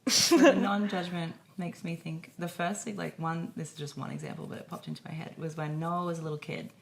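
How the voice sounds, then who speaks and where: A woman, co-hosting a podcast in casual chat, telling stories with animated delivery and freely swearing. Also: fairly low pitch, a little fast, creaky. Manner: animated storytelling, swears freely, acts out quoted voices. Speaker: podcast co-host.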